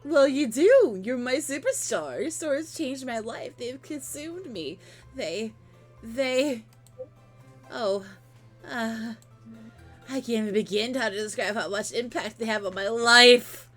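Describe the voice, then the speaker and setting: A woman voicing an excitable, obsessive male monster superfan with an axe in a video game, gushing and stammering. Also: on the high side, a little slow, faint music behind.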